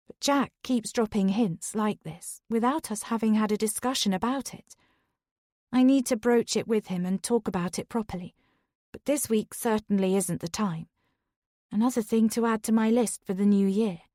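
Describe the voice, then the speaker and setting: A woman reading a first-person thriller audiobook in a steady, conversational way, her voice sitting in a middle register. The recording is dry and close, with no room sound. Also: medium pitch, dry recording. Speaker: audiobook narrator.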